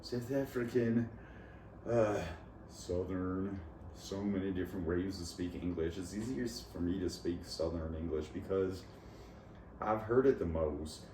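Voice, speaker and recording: A man's voice: low voice, measured pace, mellow. A man talking alone in a rambling, jumpy way about accents and his language lessons, laughing at his own jokes. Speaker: vlogger. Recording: echoey room, far from mic, noisy.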